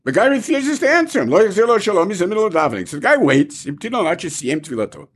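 Animated, husky-voiced male Talmud teacher. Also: high-pitched, fast talker. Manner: animated, peppered with rhetorical questions and Hebrew terms. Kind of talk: Talmud class lecture.

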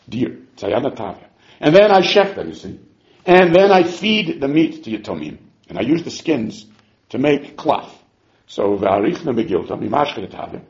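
A man teaching a Talmud class, animated and given to acting out the quotes. His voice is fairly high and swoops through a wide range. The recording sounds dull and lo-fi. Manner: animated, acts out quotes, chuckles. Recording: muffled lo-fi recording.

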